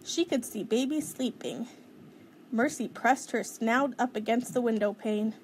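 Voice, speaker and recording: A woman's voice: fairly high pitch, slight background noise. Woman reading a children's book aloud. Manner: clear, measured storytelling.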